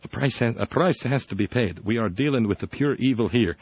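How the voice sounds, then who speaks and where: A man hosting a satirical talk radio show, sarcastic, often jumping into high mocking tones. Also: brisk, breathy edge, no room sound. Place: radio studio. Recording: dull dry radio broadcast.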